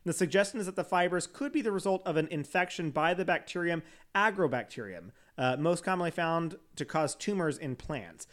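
A man's voice: a little high, expressive, brisk, fairly bright tone. A man on a podcast reading an article aloud with casual asides, often stumbling over words and laughing at himself. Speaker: podcast host.

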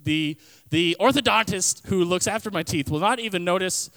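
A young man gives a youth sermon as a relaxed personal story, dropping fillers and acting out his own past lines for laughs. His voice sits a little high and comes through smooth and clear. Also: moderate pace. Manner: casual storytelling with comic quoted voices; frequent fillers like "like" and "kinda". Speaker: youth pastor.

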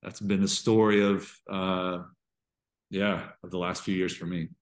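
A man, a pastor and podcast guest, speaking candidly and emotionally in a halting way with frequent restarts. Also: sits low, level tone. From Georgia. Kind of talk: candid interview conversation.

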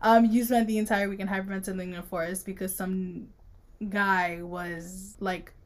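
A woman co-hosting a podcast, casually recapping a book chapter and acting out characters' lines with sudden pitch jumps. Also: moderate pace. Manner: animated retelling, acting out dialogue with pitch jumps. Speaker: podcast co-host.

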